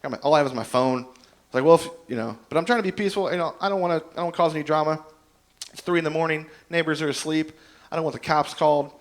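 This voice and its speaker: A man's voice: on the high side, very fast. A man doing an open-mic stand-up set, telling rambling, self-deprecating stories with plenty of fillers. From Indiana. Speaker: stand-up comedian.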